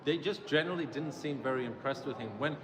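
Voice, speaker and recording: A man's voice: on the high side, fast talker, background noise. A man translating and explaining hesitantly, with many fillers. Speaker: translator on a stream. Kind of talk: casual explanation.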